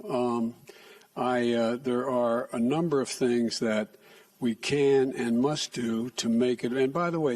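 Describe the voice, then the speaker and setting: An older man takes questions at a press conference, picking his way through answers with many restarts and half-finished phrases. His voice is husky and a little breathy. He sounds somewhat distant from the microphone. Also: medium pitch. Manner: halting, restarts often, soft asides. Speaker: president answering reporters. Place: press room.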